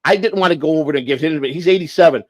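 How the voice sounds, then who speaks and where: A man's voice: a little high, quick pace, no echo. A man hosting a livestream, telling a long story in a profane, rambling way with lots of restarts. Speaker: livestream host.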